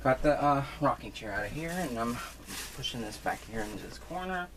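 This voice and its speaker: A man's voice: medium pitch, lively intonation, a little fast. A man chatting casually while he rearranges a room at home, rambling with lots of fillers and restarts and poking fun at himself. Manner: self-deprecating. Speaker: crafting vlogger. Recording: noisy home recording.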